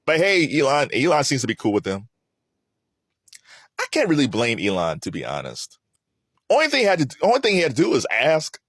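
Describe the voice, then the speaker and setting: A man's voice: mid-range voice, huge pitch swings, fairly quick, pauses often, a bit bright, slightly rough, dry recording, clean studio sound. A man giving heated solo political commentary, asking rhetorical questions and mocking his opponents.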